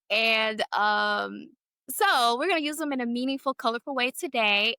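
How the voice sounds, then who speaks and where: A woman's voice: on the high side, pushed and bright, clean tone, dry recording. A woman co-hosting a podcast in casual chat, candid and laughing often, cussing freely. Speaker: podcast co-host.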